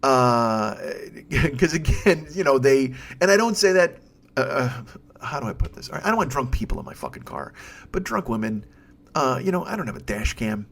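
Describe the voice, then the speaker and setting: A man's voice: medium pitch, sing-song, normal speed, gravelly. A man in his forties, a comedian hosting a podcast, telling a rambling story with constant swearing and exasperation. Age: 40s. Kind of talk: profane storytelling monologue.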